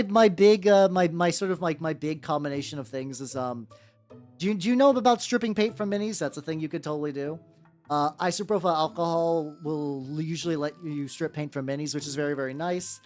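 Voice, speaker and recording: A man streaming while he paints miniatures, chatting casually with viewers in an animated, rambling way and repeating his greetings. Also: on the high side, fairly quick. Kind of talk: casual livestream chat. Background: faint background music.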